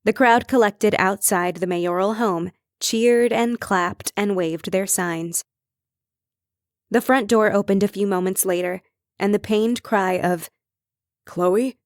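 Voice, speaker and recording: A woman reading a cozy mystery audiobook in measured, even storytelling narration. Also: mid-range voice, dry recording, studio quality. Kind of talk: scripted narration.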